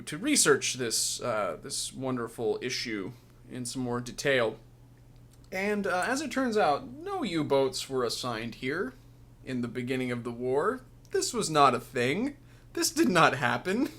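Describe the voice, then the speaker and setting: Animated sarcastic man narrating gameplay. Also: medium pitch. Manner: sarcastic, swears and laughs at the game. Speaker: let's play gamer. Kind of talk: casual gameplay commentary.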